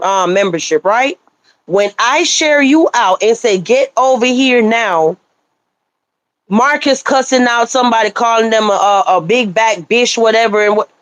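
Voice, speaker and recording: A woman's voice: on the high side, dry recording. A woman hosting a casual livestream chat, blunt and scolding as she talks. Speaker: livestream host.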